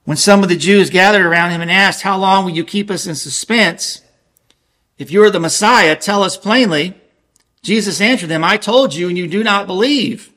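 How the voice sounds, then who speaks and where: A male preacher with a fairly high-pitched voice delivers an earnest sermon. He reads scripture aloud and leans hard on key phrases, slowing down to press them home. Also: bright, forceful tone.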